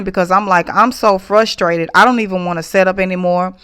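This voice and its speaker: Smooth low-pitched woman telling a story. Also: steady tone, a bit bright. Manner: emotional, recounting frustration with halting restarts. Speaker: small business owner reviewing an event. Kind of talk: casual storytelling vlog.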